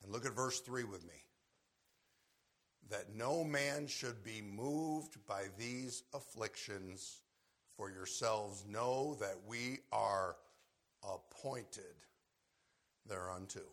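A man preaching a sermon, shifting between loud shouted re-enactments of scripture figures and low, quiet appeals to his listeners. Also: slow, pauses often. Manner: swings from loud shouted acted quotes to low quiet asides. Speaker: pastor.

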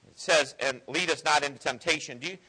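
Guy preaching, kinda husky, pushy bright tone, chatty down-home sermon. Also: a little high, fast talker, rough recording. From Ohio. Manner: conversational, earnest preaching with folksy asides.

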